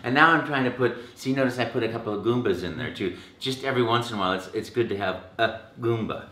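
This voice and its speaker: A man being interviewed as a voice actor, telling stories in an animated way and acting out the lines he quotes. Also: medium pitch, fast, roomy sound. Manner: animated, acts out quotes, many restarts. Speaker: voice actor guest. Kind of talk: casual interview storytelling.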